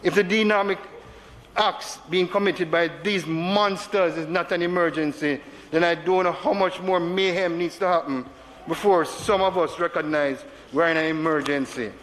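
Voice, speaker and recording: In a large, echoing chamber, a senator with a Jamaican accent makes an emotional parliamentary speech, hammering phrases through repetition. His voice is somewhat high and fairly bright, with fairly even intonation at normal speed. Faint background noise is audible.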